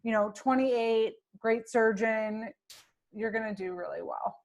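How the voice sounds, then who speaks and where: A woman's voice: on the high side, measured pace, highs cut off. Supportive woman podcast host. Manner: supportive, affirming, chatty. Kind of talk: casual interview conversation.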